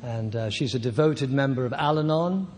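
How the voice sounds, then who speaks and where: An older man at a recovery meeting, telling his personal story in a halting, self-deprecating way with soft laughs. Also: medium pitch, in a large hall, very noisy.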